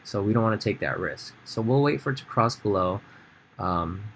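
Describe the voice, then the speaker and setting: A man with a fairly low voice walks through a trading chart in a relaxed, conversational way, pausing on fillers and restarting his sentences. A faint hiss of noise sits under his voice. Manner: casual, thinks aloud with fillers and restarts. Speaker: trading educator. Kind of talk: screen-share trading tutorial.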